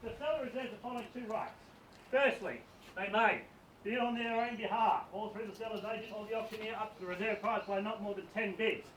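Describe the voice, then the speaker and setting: A man's voice: sits high, steady tone, quick pace, a bit bright, a little hiss or hum. A man working as an auctioneer, projecting to a crowd outdoors as he reads out contract terms and auction conditions. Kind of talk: formal auction address. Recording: distant and roomy, picked up from afar.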